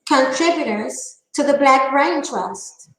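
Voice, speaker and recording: A woman's voice: lively intonation, fairly bright tone, reverberant, low-quality recording. A woman with a Southern twang, talking defiantly and emphatically to her viewers in a casual vlog. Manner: fast, high-pitched twangy talk, defiant and emphatic. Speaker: channel host.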